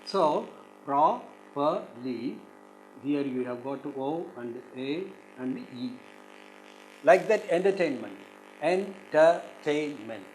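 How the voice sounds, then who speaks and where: Indian English teacher drilling word stress. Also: male voice, medium pitch, lively intonation, slow, a little mellow, slight background noise, poor audio. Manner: drills words by repeating them several times, stressing syllables. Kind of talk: recorded exam-prep lesson.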